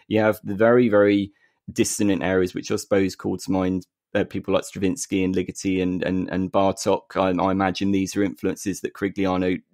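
A man co-hosting a podcast, chatting about film music in an animated way and often restarting his sentences. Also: sits low, a little fast, no room sound. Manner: animated, frequent restarts and repeated words. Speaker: podcast co-host. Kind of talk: casual film music discussion.

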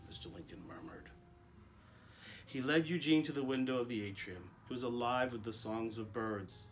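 A man, a school principal, reading a picture book aloud to children in a calm, expressive storytelling voice. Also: mid-range voice, normal speed, soft background music.

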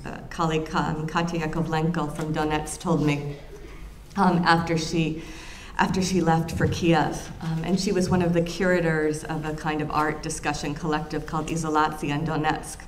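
A woman historian lecturing to an audience, her voice sitting fairly low and climbing as the stories grow animated. She talks in quick bursts with many ums and restarts, like someone thinking aloud, and a faint hiss sits under the recording. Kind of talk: public lecture with anecdotes.

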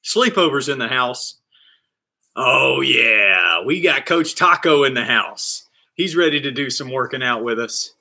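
A man's voice: mid-range voice, unhurried, creaky. A man leading a live online kids' PE class, cheering kids on and counting reps with playful energy. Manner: shouts with excitement during exercises. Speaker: kids PE coach.

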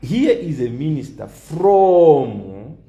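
Slow, emphatic man in an echoey room. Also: a little high, big pitch swings, mellow, lo-fi sound. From Zambia. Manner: emphatic, repeats key lines for stress. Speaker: political commentator. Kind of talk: opinion vlog monologue.

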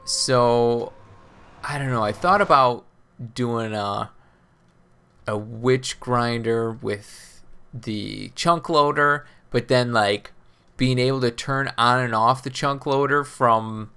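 A man's voice: mid-range voice, slow, pushed and bright, smooth. A man hosting a casual gameplay video, rambling and thinking aloud with self-deprecating asides about his building troubles. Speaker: Minecraft let's play host.

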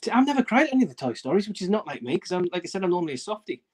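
A man's voice: sits high, big pitch swings, racing, husky. A middle-aged man hosting a casual live-stream chat, telling stories in a chatty, self-mocking way. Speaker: host.

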